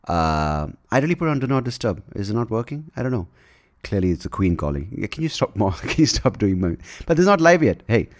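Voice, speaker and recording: Lively, rambling male podcast host. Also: on the low side. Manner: rambling and jokey, with frequent fillers and self-corrections. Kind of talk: casual podcast intro monologue.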